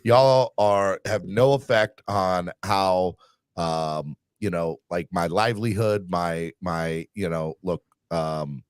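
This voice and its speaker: Low-voiced man hosting a sports chat. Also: no room sound. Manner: loose, rambling, fillers and restarts. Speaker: podcast host. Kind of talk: casual chat.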